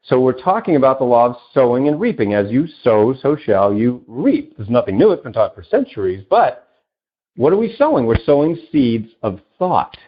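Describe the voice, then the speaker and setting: A man's voice: very animated, moderate pace. A man being interviewed as a self-help coach, talking with enthusiasm and acting out little dialogues. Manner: enthusiastic, acts out dialogue with big pitch jumps. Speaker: self-help author and coach, podcast guest. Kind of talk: animated interview talk. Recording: dull lo-fi audio.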